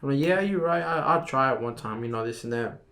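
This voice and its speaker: A man's voice: medium pitch, expressive, a little fast, a bit bright. Laid-back young man telling his story. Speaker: podcast guest. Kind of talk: casual chat.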